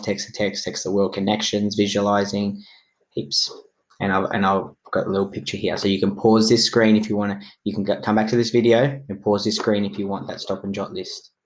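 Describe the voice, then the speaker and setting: A man speaks in a fairly low voice as a primary school teacher recording a reading lesson. His delivery is slow, clear and encouraging, pitched for young children. He sounds like he is in his classroom.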